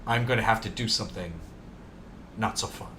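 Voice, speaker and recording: A man's voice: on the low side, brisk, sharp tone, a little hiss or hum. A man co-hosting a podcast, chatting casually and jokingly about a wrestling show, laughing often. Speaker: podcast co-host. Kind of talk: casual wrestling review chat.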